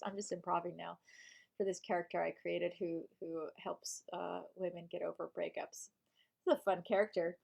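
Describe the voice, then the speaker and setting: A woman's voice: fairly low pitch, vocal fry. A young woman chatting casually on a live stream, rambling and joking at her own expense. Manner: rambling, self-deprecating, trailing off.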